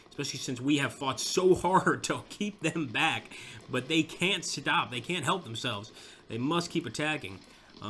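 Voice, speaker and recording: A young man with a Southern American accent giving casual let's-play commentary, urging his units on and reacting loudly to the battle. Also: medium pitch, a little hiss or hum. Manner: excitable, shouts at units during the battle. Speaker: gameplay commentator.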